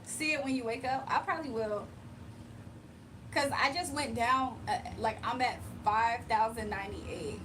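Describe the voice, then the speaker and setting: Young woman, casual live streamer, slangy and giggly, high-pitched, light noise under the mic. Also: measured pace, recorded from a distance. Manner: chatty, laughs often, slangy. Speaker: livestream host giving spiritual readings. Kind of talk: casual livestream chat, reading viewer comments aloud.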